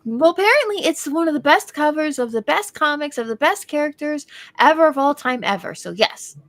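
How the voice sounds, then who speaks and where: A woman's voice: sits high, expressive, brisk, fairly bright tone. A giggly woman reading out chat comments on a casual live stream.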